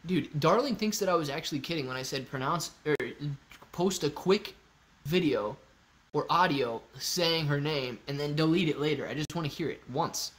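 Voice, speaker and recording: A man's voice: a little high, moderate pace, a bit bright. Chatty man hosting a livestream. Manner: joking, loose, talks to chat by name. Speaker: livestream host. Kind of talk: casual livestream chat reading comments. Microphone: phone used as webcam.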